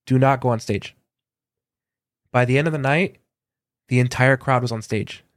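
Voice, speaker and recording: A man's voice: medium pitch, moderate pace, no room sound. Chatty man telling stories with lots of "like". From Southern California. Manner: animated anecdotes, acts out quoted dialogue, many fillers. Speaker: guest, concert photographer. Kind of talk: casual storytelling in an interview.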